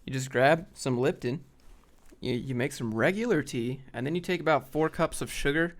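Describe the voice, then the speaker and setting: Male streamer host, easygoing and offhand, mid-pitched, lots of fillers. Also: moderate pace. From Atlanta, Georgia, US. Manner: laid-back, offhand, many fillers. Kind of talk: casual live stream chat.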